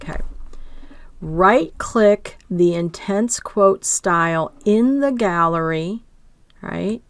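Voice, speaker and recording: A woman instructor narrating a software tutorial, talking through each click and often checking in with "right?". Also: medium pitch, takes it slowly, dry recording.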